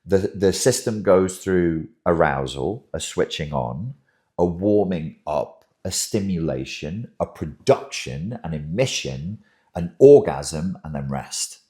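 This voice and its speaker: A man with a lowish voice that swings widely in pitch, delivering an emphatic, wry commentary monologue. He speaks slowly and deliberately and often doubles back on his words. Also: animated, dark tone. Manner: emphatic and wry, with frequent self-repeats. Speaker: host, relationship commentator.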